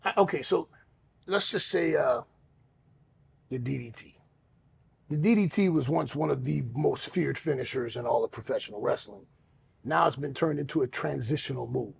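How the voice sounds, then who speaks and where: A man's voice: medium pitch, moderate pace, long pauses, slight background noise. A man co-hosting a podcast, talking frankly and profanely with a self-mocking streak. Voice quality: gravelly. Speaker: podcast co-host. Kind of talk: candid podcast chat.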